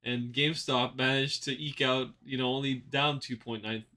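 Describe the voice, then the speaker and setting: A man's voice: medium pitch, steady tone, normal speed, pushed and bright. Man rambling through stock chart analysis. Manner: rambling, repeats himself, many fillers. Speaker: trading channel host. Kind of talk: casual market analysis commentary.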